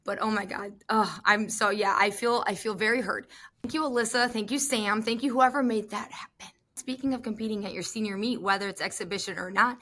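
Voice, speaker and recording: A woman co-hosting a podcast, chatting casually in an animated, gushing, jokey way. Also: mid-range voice, fairly quick, a little hiss or hum. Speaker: podcast co-host. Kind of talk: casual chat about gymnastics.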